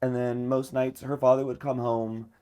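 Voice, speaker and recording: A man's voice: medium pitch, flat delivery, moderate pace, dark tone, smooth. A man hosting a podcast, telling a story in casual chat and filling it with lots of filler words. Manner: chatty, many filler words. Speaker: podcast host.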